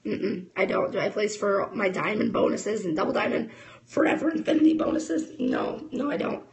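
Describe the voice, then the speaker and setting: A woman's voice: mid-range voice, sing-song, normal speed, creaky, a little mellow, poor audio. A woman in her thirties giving a casual, fired-up motivational talk to camera as a network marketing distributor, chatting straight to her viewers.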